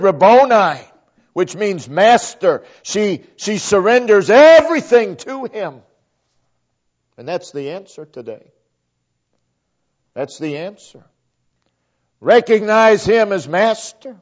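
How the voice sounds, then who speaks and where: A man preaching a sermon, dramatic and repetitive, swinging between loud emphasis and hushed near-whispers. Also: sits high. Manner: repeats phrases for emphasis. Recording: dull lo-fi recording.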